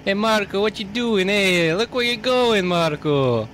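A brash New York mobster with a put-on Italian mafia accent, scolding in a bossy sing-song, as a man puts him on. The voice sits clearly higher than his usual talk and pushes a little louder, with a faint hiss of noise underneath. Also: lively intonation, a little slow.

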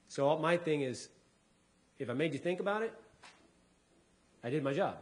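Animated stand-up comedian telling a story. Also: male voice, on the high side, moderate pace, long pauses, slight background noise. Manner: animated storytelling, acting out voices. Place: lecture hall with a live audience.

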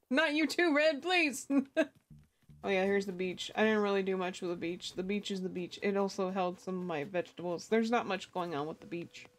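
Here the streamer's voice is medium-pitched and moderately paced. She plays a cozy life-sim game, says hello to her chat, and keeps up easygoing, giggly conversation.

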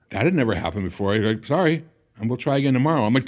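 Rapid-fire and animated, a middle-aged man from the San Fernando Valley, California, tells a story during an interview. He acts out bygone conversations with big leaps in his voice as his excitement peaks.

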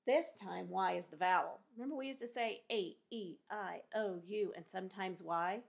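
A woman teacher giving a recorded phonics lesson to young pupils, speaking slowly and encouragingly as she spells out letters and sounds. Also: mid-range voice, vocal fry.

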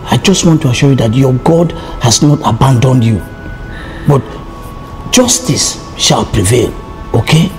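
A man's voice: medium pitch, expressive, measured pace, a little mellow, soft background music, natural voice. An actor playing a male union colleague who comforts and reassures a detained friend. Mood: reassuring. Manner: earnest, comforting.

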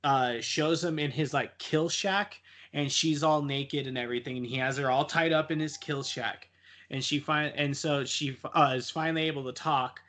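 A man's voice: a little high, a bit bright. A young man on a casual podcast, retelling a horror film in a rambling, profane way and laughing often. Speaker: podcast co-host.

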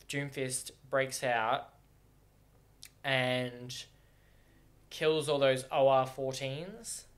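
A young man with a medium-pitched voice reacts to video game cinematics in casual, excitable, rambling commentary, laughing often.

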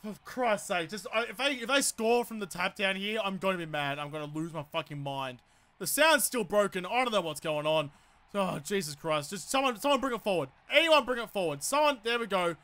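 A man's voice: sits high, lively intonation, brisk, a bit bright. An Australian man giving live commentary while playing a football video game, ranting and swearing freely at how the match is going.

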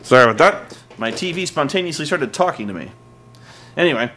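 A man hosting a comedic wrestling recap, sarcastic and profane with deadpan jokes. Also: on the high side, a little fast, slight background noise. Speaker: podcast host.

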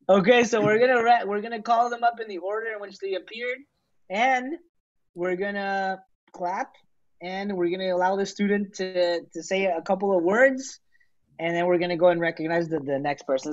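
A man's voice: sits high, lo-fi sound. Enthusiastic male host of an online show. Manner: enthusiastic, rambling with restarts. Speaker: MC of a comedy workshop show.

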